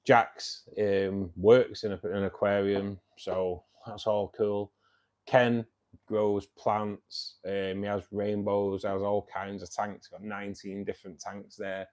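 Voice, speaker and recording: Mancunian bloke in his 50s, lowish voice, chatty livestream host, says mate loads. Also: flat delivery, measured pace, a little mellow. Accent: Mancunian English. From England, Manchester. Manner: chatty and matey, keeps saying "mate". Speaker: livestream host of a fishkeeping club. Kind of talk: casual livestream chat answering viewers.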